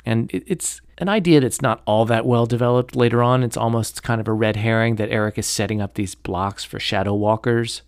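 A man hosts a podcast and talks casually about a novel, offering critical, opinionated commentary while rambling with many fillers and hedges. His mid-range voice is steady, clear and resonant, fairly quick with hardly any pauses, recorded in a clean studio with no echo.

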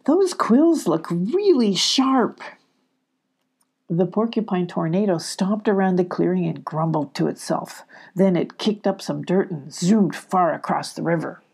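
An older woman narrating a children's storybook in a gentle, expressive way. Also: on the low side, normal speed, gravelly, breathy edge.

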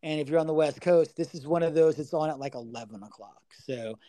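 A man's voice: a little high, fairly quick, dark tone, no room sound. A man co-hosting a casual sports betting podcast, talking loosely, swearing freely and stumbling over fighters' names. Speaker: podcast co-host.

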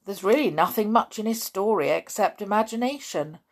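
A woman reading aloud, voicing a calm, sensible older boy who talks others down. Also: medium pitch, normal speed, voice pushed up. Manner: calm, reasoning.

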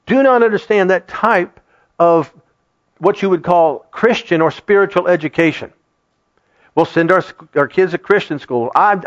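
A middle-aged man preaching a sermon to his congregation in an animated, conversational way. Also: high-pitched. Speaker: pastor. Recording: dull lo-fi sound.

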